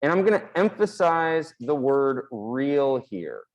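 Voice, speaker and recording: A man's voice: mid-range voice, big pitch swings, slow, poor audio. Male math teacher, casual board lecture, plain mid-range voice. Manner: casual, explanatory, with fillers; talks while drawing on a board.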